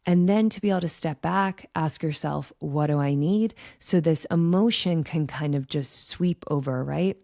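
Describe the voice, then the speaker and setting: Low gravelly woman teaching gently. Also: normal speed, hardly any pauses, no echo, studio quality. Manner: gentle, reflective, frequent "right?" check-ins. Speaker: podcast host and intuition coach. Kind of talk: calm teaching monologue.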